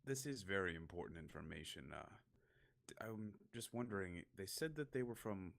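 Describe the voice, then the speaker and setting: Brief: male tabletop player, very low voice, polite and formal. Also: animated, creaky, fairly bright tone. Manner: formal, courteous, measured. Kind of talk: in-character tabletop role-play.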